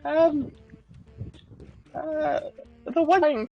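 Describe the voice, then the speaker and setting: A player in a tabletop game who speaks hesitantly, with many pauses and restarts. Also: sits high, fairly even intonation, gravelly, soft background music. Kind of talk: casual tabletop play. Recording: dull lo-fi mic.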